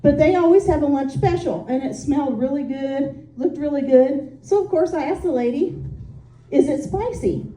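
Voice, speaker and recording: This is a woman comic from Indiana doing stand-up, her high, warm voice moving at normal speed with few pauses. She tells stories casually, pokes fun at herself, and says "um" a lot. The mic picks her up at a distance in an echoey space, with slight background noise.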